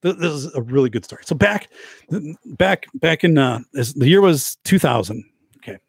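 A man's voice: on the high side, lively intonation, moderate pace, vocal fry, breathy edge, no room sound, clean studio sound. A man in his forties, a podcast host telling a rambling story in casual livestream chat, full of restarts and repeats. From Wisconsin, US. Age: 40s. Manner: rambling, self-interrupting storyteller with many restarts.

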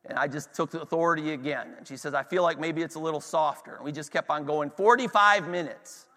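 A man preaching with rising passion and stopping to ask his listeners whether they follow. His voice is bright and forceful and sits a little high for a man. A long reverb trails every phrase, as in a large hall. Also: fairly even intonation, fast. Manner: impassioned storytelling to a congregation, asks "are you with me". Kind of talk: sermon.

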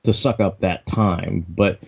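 A man's voice: sits low, steady tone, slow, gravelly, slightly rough. A man co-hosting a podcast in casual chat, rambling with many stammered restarts. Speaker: podcast co-host. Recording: dull lo-fi sound.

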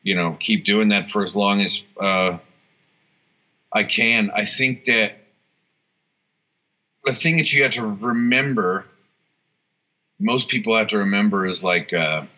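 A man's voice: fairly low pitch, a little slow, long pauses, bright, forceful tone. A man in a casual interview, rambling with lots of restarts, fillers and swearing. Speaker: guitarist and songwriter, interview guest. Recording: dull lo-fi sound.

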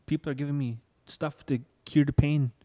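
A young male guest tells of a personal loss in conversation, earnest and emotional, reenacting what others said to him. He speaks at normal speed with fairly even intonation in a warm voice on the high side.

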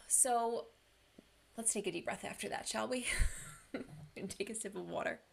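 An earnest young woman coaching listeners through a personal motivational talk. She talks casually and fills her speech with "like." Her voice has a gravelly fry. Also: a little high, a little slow, a little hiss or hum. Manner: earnest, casual, uses "like" a lot. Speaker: mental health coach.

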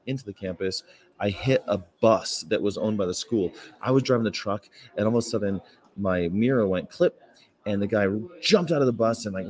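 A man with a somewhat low voice talks casually to his livestream audience from outdoors on a campus. He tells meandering stories, full of fillers and short laughs. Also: a little mellow. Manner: rambling, anecdotal, with frequent fillers and laughs. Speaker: vegan activist livestreamer. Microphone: phone or camera.

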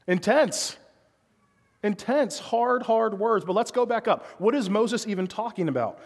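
A man's voice: high voice, expressive, a little slow. Man preaching in a reverberant hall. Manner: conversational preaching with frequent rhetorical questions. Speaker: pastor. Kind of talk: sermon.

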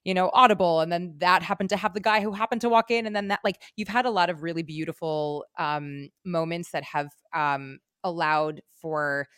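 A woman's voice: lowish voice, normal speed, few pauses, fairly bright tone, clean tone, dry recording, clean studio sound. A woman podcast host asking long, rambling questions full of fillers in a casual interview.

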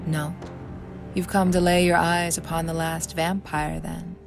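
A woman voicing a proud, icy female vampire healer who talks in a cool, unhurried, imperious way. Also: on the low side, level tone, gravelly, over music.

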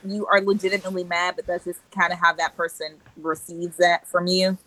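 A woman's voice: on the low side, flat delivery, fairly quick, pushed and bright, no room sound, low-quality recording. A woman in a casual group chat, thoughtful and direct.

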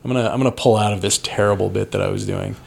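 A man's voice: on the low side, steady tone, very fast, gravelly, husky. A man hosting a comedy podcast, playful and laughing, often stammering as he restarts sentences. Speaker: podcast host.

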